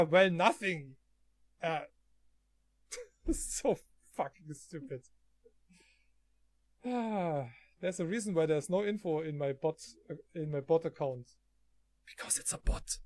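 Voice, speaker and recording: A man streaming from home, chatting casually, often halting and laughing. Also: fairly high pitch, a little mellow, dry recording, clean studio sound.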